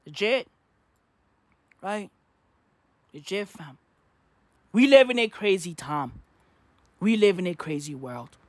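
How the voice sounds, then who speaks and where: A man's voice: sits high, lively intonation, takes it slowly, long pauses, dry recording. A man hosting a podcast in a rambling, profane comedic monologue. He repeats himself and fills his talk with slang and swearing. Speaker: podcast host.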